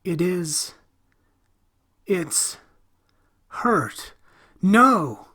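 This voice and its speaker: A man's voice: fairly high pitch, animated, unhurried, slightly rough, pitched above the performer's own voice. A man voicing an eerie young boy with shining eyes, rising to frightened screams. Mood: terrified.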